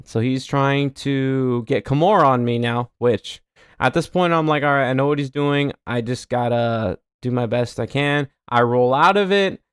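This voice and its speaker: A male streamer talks through replays of his own grappling matches in a mid-range voice, recorded dry and close. He walks through each move patiently, mutters his asides, and flares up loud and exasperated when he recounts a chance he missed. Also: smooth, no room sound. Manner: explains techniques step by step, turns loud and heated over his own mistakes; drops to a low mutter on asides. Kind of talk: casual commentary reviewing his own match footage.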